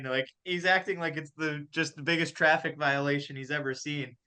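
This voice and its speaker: A young man hosting a hockey podcast, telling a story in a casual, animated way and laughing as he goes. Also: on the high side, normal speed, few pauses. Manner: animated, laughs through his stories. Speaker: podcast host and college golf coach.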